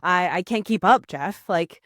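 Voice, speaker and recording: A young woman co-hosting a podcast in casual chat, animated and giggly, often jumping into high, excited mock voices. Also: a little slow, no echo, studio quality. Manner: chatty and giggly. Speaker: podcast co-host.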